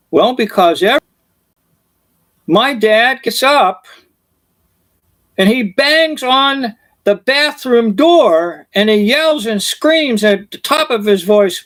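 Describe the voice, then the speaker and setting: A man voicing a cheeky little boy named Johnny in a high squeaky child's voice. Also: a bit bright, exaggerated voice.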